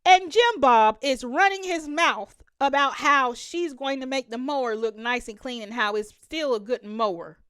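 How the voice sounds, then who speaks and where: With a high-pitched, slightly bright and smooth voice, this reaction host talks at normal speed with few pauses. She gives emphatic commentary to her viewers, laughing frequently, in clean studio audio free of room sound.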